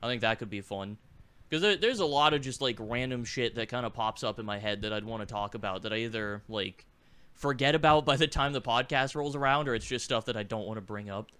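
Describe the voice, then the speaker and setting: Young male podcast co-host with a sore throat, bright crisp tone, hesitant delivery. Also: mid-range voice. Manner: hesitant, halting, many restarts. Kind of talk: casual chat.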